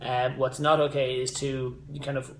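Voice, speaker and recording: Chatty fitness coach, echoey room. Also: male voice, medium pitch, flat delivery, unhurried, slight background noise. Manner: chatty, rambling with side notes and motivational asides. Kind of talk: casual live-stream monologue.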